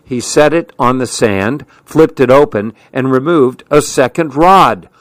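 A man narrating a story in a measured way. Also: medium pitch, no room sound. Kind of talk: audiobook narration.

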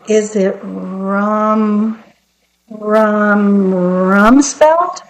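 A woman's voice: high voice, big pitch swings, extremely slow, pushed and bright, voice pushed up, heavily acted. A woman voicing a clever young queen in a storybook reading, drawing out her words in a sly, teasing way.

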